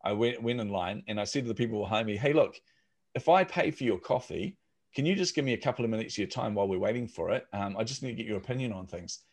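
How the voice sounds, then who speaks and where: A man's voice: fairly low pitch, fast talker. A man, a startup founder telling stories casually on a podcast and acting out the voices of the people in them. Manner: animated, acts out quoted voices. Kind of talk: casual storytelling.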